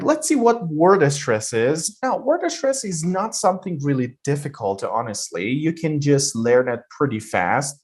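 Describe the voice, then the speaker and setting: A man teaching an online pronunciation lesson, explaining points and repeating example words. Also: medium pitch.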